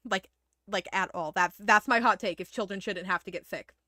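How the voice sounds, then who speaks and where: A woman giving casual, animated gameplay commentary, blunt and swearing when upset. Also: medium pitch, normal speed, no room sound, clean studio sound. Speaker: streamer playing a video game.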